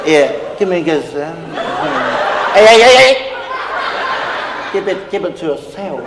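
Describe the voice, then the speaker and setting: A man's voice: on the high side, unhurried, natural voice. A man playing a tipsy Samoan uncle crooning. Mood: crooning, flirty. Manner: syrupy, flowery flirting with grand romantic lines. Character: tipsy middle-aged Samoan uncle, smug self-styled ladies' man. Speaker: comedian in character. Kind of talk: live comedy character act. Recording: echoey hall with loud background noise.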